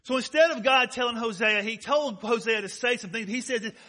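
Man, sermon, high-pitched, bright and forceful, conversational preaching, rhetorical questions. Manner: conversational preaching, slows down to stress key words; asks the congregation frequent rhetorical questions. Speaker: pastor.

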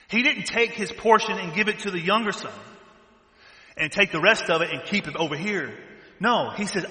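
A man with a Southern US accent preaching a sermon, swinging between loud bursts and hushed asides. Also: fairly high pitch. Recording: echoey hall reverb.

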